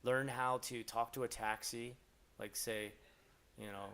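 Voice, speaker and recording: A man's voice: medium pitch, steady tone, a little slow, fairly bright tone. A man from Florida in his thirties or forties, hosting a casual live Q&A, rambling and swearing freely as he tells stories. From Florida, USA. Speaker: live stream host answering questions.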